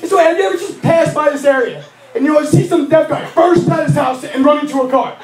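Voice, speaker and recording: A man's voice: very high voice, fairly quick, faint music behind. A young man doing a stand-up comedy set, ranting crudely and in exasperation. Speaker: stand-up comic. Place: comedy lounge. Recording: echoey club, distant mic, audience laughter.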